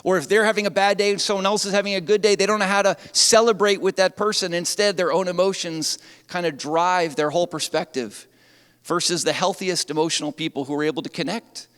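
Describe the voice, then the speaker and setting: Pastor, male, lively conversational sermon, slightly high voice, long church reverb. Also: brisk, clear, resonant tone. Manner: animated, conversational preaching. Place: church sanctuary.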